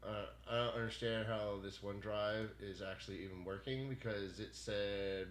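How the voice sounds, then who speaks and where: A man streaming from home, ranting furiously with constant swearing, swinging from shouting to low muttering. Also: steady tone, normal speed, hardly any pauses. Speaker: gaming streamer. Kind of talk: angry rant while streaming. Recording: echoey room with faint background noise.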